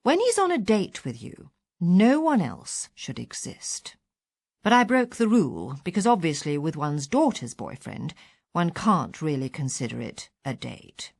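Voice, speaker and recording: A woman reading a first-person short story aloud with a wry, expressive delivery. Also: sits low, unhurried, creaky, dry recording, studio quality. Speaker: audiobook reader.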